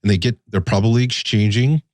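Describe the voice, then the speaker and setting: A man with a very low voice hosts a relaxed podcast conversation. He rambles and circles back on his thoughts, laughing easily, and the sound is close and dry. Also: fast talker, dry recording. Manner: rambling, thinks aloud with restarts. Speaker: podcast host. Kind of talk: casual interview chat.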